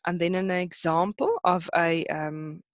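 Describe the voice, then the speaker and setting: A teacher leads a live online lesson, explaining patiently and often pausing to think aloud. The voice sits in a middle range. The recording sounds dull and lo-fi, with a dry, close sound. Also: mid-range voice, fairly even intonation, dry recording. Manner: explains patiently, switching between English and Afrikaans terms then translating; thinks aloud with frequent fillers and restarts.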